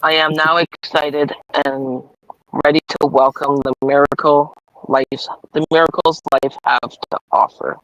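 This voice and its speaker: A man with a fairly high, light voice reads card messages on a live stream, unhurried and careful. The sound is dry and close, with no room around it. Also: flat delivery, fairly bright tone, no room sound, low-quality recording. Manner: slow, deliberate card reading with slips and apologies. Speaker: livestream co-host reading cards. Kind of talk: casual live chat, reading affirmations.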